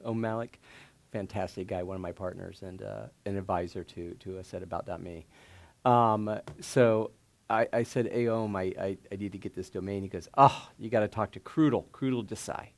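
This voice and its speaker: A low-voiced man with a gravelly edge, telling stories onstage as a guest at a live event. He talks in an animated way, laughs often and restarts his sentences a lot. He is middle-aged. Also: normal speed. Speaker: startup founder and guest. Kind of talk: casual onstage storytelling. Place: stage before a live audience.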